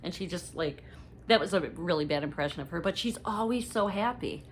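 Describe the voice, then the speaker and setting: A middle-aged woman chatting casually to viewers in a haul video, rambling and gossipy with lively asides. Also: lowish voice, a little fast, background noise. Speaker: haul vlogger.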